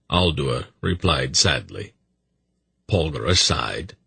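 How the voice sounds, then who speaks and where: A man's voice: deep voice, lively intonation, unhurried, fairly bright tone, breathy edge, no room sound. A man narrating an audiobook with intense, dramatic storytelling.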